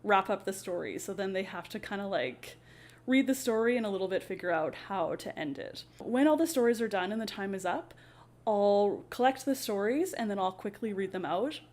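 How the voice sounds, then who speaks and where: A woman's voice: mid-range voice, normal speed. Chatty woman explaining classroom activities. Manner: chatty, relaxed, frequent ums and "kind of". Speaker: ESL teacher and channel host. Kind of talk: casual teaching explainer.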